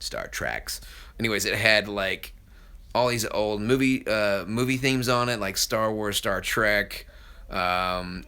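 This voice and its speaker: A man's voice: on the low side, sharp tone. A man who is a voice actor, rambling casually and chatting through viewer comments on a live stream, often laughing.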